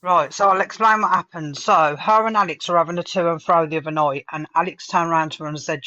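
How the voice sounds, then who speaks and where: Woman caller, accusing and blunt, forceful voice, dry dull lo-fi sound. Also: on the low side, fairly even intonation, quick pace, hardly any pauses, dry recording. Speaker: caller on live stream. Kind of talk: heated live stream argument.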